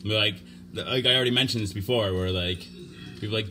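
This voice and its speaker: A man hosting a livestream show, talking off the cuff in a halting, stammering way, earnest and defensive. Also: on the low side, bright, forceful tone, soft background music. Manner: halting, stammering, restarts sentences. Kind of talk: unscripted livestream talk.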